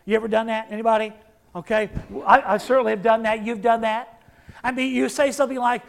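A man's voice: very high-pitched, fairly even intonation, fast talker, creaky. A male pastor preaching a sermon, emphatic, acting out the words of the figures he quotes and putting questions to the congregation.

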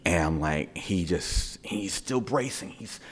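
A middle-aged man, a father, telling a family story in a casual, animated way and repeating words for effect. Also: deep voice, slow, breathy edge. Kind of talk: casual spoken anecdote.

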